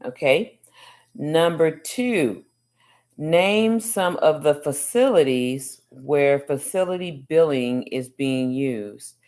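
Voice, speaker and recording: A woman teacher going over chapter questions with a student, repeating each answer slowly and encouraging with many mm-hmms. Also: sits low, expressive, a little mellow. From United States. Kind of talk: class review of chapter questions.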